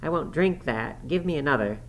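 Casting: man putting on a peevish sickly teen boy, pitched up, whiny. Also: expressive, moderate pace, fairly bright tone, slight background noise. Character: sickly petulant teenage boy Linton.

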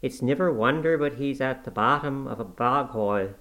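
A man's voice: medium pitch, natural voice. A man doing a cranky old servant. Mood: preachy. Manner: slow, loud, preachy ranting. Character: cantankerous old male servant, pious and scolding.

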